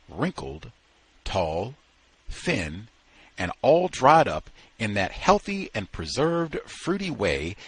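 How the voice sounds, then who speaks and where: A man reading a novel aloud at a book study session in a slow, dramatic storytelling manner. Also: fairly low pitch, a bit bright, husky, poor audio.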